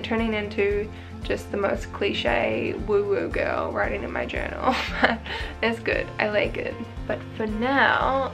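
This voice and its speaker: A young woman launching a business vlogs casually to camera, chatty and bubbly, full of "like" fillers and giggles. Her voice is fairly high-pitched with vocal fry.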